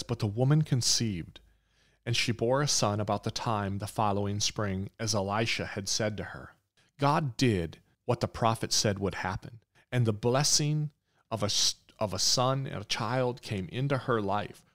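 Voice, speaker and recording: A man preaching a sermon, retelling a Bible story in an earnest, repetitive way. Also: mid-range voice.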